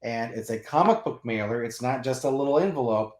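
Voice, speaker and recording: Male comics host, mid-pitched, chatty and rambling, roomy recording. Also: brisk. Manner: animated and rambling, with restarts and laughs. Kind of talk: casual storytelling. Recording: roomy echo.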